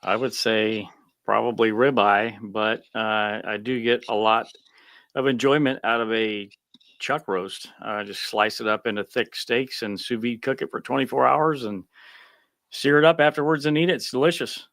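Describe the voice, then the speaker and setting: Man, co-host, laid-back, hesitant, gravelly, dry close sound. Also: mid-range voice, fairly even intonation, normal speed, fairly bright tone, no echo. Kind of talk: casual live Q&A chat.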